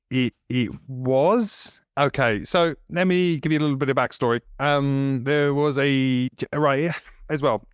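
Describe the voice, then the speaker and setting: A man's voice: fairly high pitch, smooth, no room sound, clean studio sound. A man co-hosting a casual podcast, joking and laughing often, rambling with restarts. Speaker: podcast co-host.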